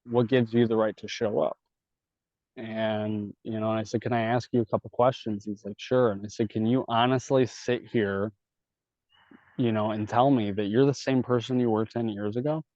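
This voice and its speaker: This podcast guest has a lowish, darkish voice with fairly even intonation and a normal speed. Recorded dry and dull, he shares candid stories casually and profanely, voicing each person in the dialogue himself.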